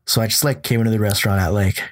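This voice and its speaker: A man's voice: fairly low pitch, steady tone, racing. A tired young man hosting a podcast, telling a long rambling story in casual, profane chat. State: tired from lack of sleep. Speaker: podcast host.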